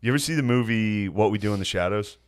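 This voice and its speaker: A man's voice: on the low side, fast. A man hosting a podcast, telling crude stories in casual chat and laughing at his own jokes.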